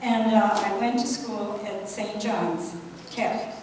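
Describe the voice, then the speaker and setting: Soft-spoken older woman in an echoey hall. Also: mid-range voice, fairly even intonation, slow pace, slight background noise. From United States. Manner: soft-spoken, chatty storytelling. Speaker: guest speaker. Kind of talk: anniversary speech. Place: hotel banquet hall. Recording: echoey banquet hall from far off.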